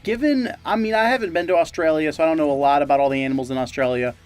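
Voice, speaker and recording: Male co-host, higher pitch, deadpan jokey delivery, faint music underneath. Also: rapid-fire. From Great Lakes region, US. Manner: deadpan, absurd jokes. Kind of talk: casual chat.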